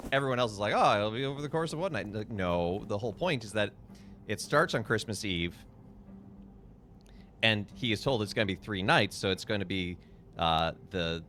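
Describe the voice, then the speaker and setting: A man's voice: on the low side, fairly bright tone, a little hiss or hum. A man giving casual, opinionated commentary as he streams a game, chatting and thinking aloud.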